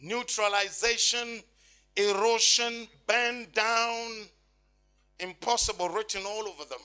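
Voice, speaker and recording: A man preaching an impassioned sermon, swinging between quiet reading and shouting. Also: high voice, steady tone, slow, clean tone, faint music behind.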